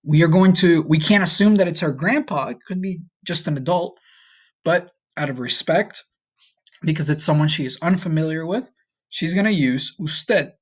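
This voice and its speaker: A man teaching a recorded language lesson, patient and slow, often checking in with "okay?". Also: fairly high pitch. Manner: speaks slowly for learners to repeat. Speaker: Spanish teacher.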